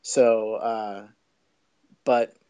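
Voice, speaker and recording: A man who is a filmmaker, a guest on a podcast, telling stories in a chatty, excitable way. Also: lowish voice, extremely slow, smooth. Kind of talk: casual podcast chat.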